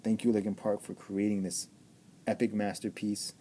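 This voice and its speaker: A man's voice: lowish voice, level tone, moderate pace, dark tone, slight background noise. A man giving an enthusiastic album review, gushing and repeating himself with many stammered restarts. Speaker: music reviewer.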